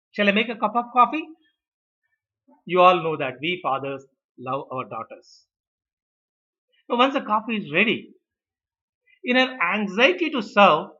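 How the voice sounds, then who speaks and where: A middle-aged man tells management stories, leaning into the quoted voices. His voice sits high and bright with a husky edge. The recording sounds dull and lo-fi. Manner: animated storyteller, acts out quoted voices. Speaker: speaker on management. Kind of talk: storytelling talk.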